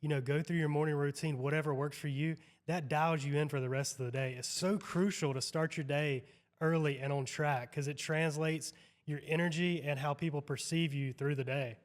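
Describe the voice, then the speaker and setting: A man's voice: a little high, steady tone, normal speed. A man hosting a podcast, agreeable and casual, saying "yeah" and "dude" a lot. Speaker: podcast host.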